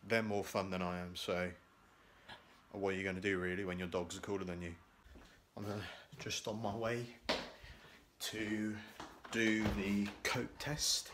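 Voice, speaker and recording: A man's voice: lowish voice, little pitch movement, a little slow, pauses often, a bit bright, slight background noise. A young man vlogging casually at home, rambling and mocking himself, with lots of fillers. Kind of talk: casual vlog chat. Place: at home, indoors and out. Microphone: handheld camera at arm's length.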